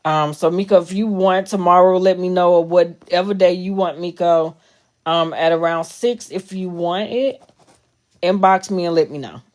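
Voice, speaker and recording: A woman's voice: lowish voice, moderate pace. A woman in casual chat with her followers during a live stream, candid and chatty, swearing freely.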